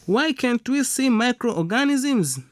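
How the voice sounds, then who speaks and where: A man's voice: extremely high pitch, expressive, slow pace, heavy background noise. A young man answering as a student in a radio lesson, reciting his answers carefully.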